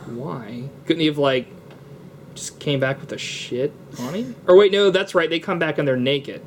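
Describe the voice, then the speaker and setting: A man's voice: a little high, normal speed, a little hiss or hum. A young man co-hosting a podcast in casual chat, laid-back, swearing freely and laughing often. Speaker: podcast co-host.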